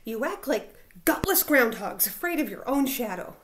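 A woman's voice: a little high, very animated, moderate pace, background noise. A woman growling as a mean bossy prairie dog.

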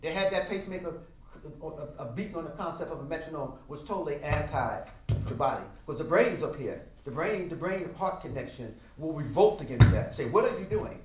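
An older man teaching a music masterclass, animated and emphatic, singing out rhythms with drum sounds in a classroom. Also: on the high side, fairly quick, noisy background. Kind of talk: masterclass lecture. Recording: roomy sound from a distant mic.

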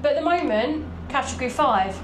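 A young woman with a somewhat high voice chats and laughs easily as she films a vlog on foot. Loud background noise from the outdoor setting runs under her voice, caught on a handheld camera. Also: animated, fairly quick, reverberant. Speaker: vlogger. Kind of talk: casual chat. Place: outdoors at a resort, walking and riding a cable car. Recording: noisy outdoor phone recording.

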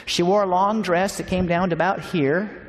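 A man's voice: sits high, steady tone, normal speed. A man preaching a sermon, telling funny stories in a folksy, easygoing way. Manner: folksy, humorous storytelling. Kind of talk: storytelling sermon. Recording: long hall reverb.

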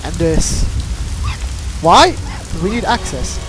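A young man commentating a video game playthrough, excitable, laughing and swearing at what happens on screen. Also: extremely high pitch, normal speed, soft background music, rough recording. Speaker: gamer commentator. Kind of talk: let's play commentary.

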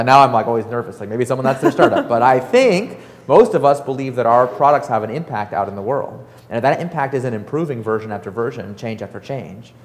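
A man giving a casual, animated talk to an audience, full of fillers and acted-out quotes. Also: mid-range voice, big-room sound. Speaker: startup author and speaker.

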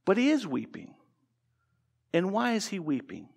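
A man's voice: high voice, very animated, normal speed, creaky, slightly rough. Earnest American man preaching in a reverberant hall. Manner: earnest, with repeated restarts and rhetorical questions. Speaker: pastor. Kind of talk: sermon. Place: church sanctuary.

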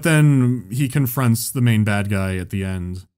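A man on a podcast telling a story in a casual, profane, animated way and laughing as he goes. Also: medium pitch, measured pace, few pauses, over music. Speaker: podcast host.

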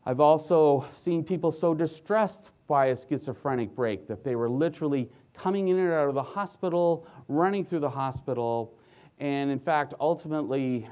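A man's voice: mid-range voice, dark tone. A man who works as a physician, giving a conference lecture in an earnest way and telling stories about his patients. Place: conference hall stage.

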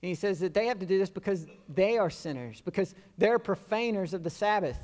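A man's voice: sits high, lively intonation, fairly quick, darkish tone. A man preaching a sermon as pastor, conversational and lightly humorous, acting out quoted speech now and then. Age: adult with children. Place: church sanctuary. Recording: long reverb of a church sanctuary.

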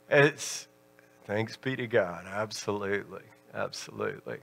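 A man's voice: a little high, unhurried, fairly bright tone. A man pastor giving a sermon in an earnest storytelling manner. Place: church worship hall. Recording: reverberant church hall.

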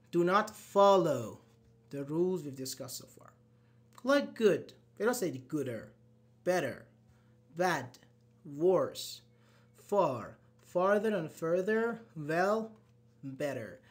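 A man's voice: high-pitched, big pitch swings, slow. A man teaching an online English grammar class, asking students questions and answering them with uh-huhs and short praise. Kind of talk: live online grammar lesson.

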